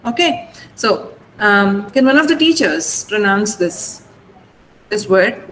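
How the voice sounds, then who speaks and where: A woman teaching English pronunciation in an online class, sounding out words slowly syllable by syllable in a firm, instructive manner. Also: medium pitch, lively intonation, fairly bright tone, a little hiss or hum, low-quality recording. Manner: slow deliberate syllable-by-syllable pronunciation. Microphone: video call.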